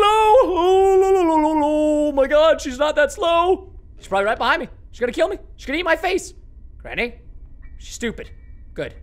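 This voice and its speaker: A young man doing horror game commentary, excitable and panicky, often yelping and shouting and taunting the game. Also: extremely high pitch, gravelly. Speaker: gaming YouTuber.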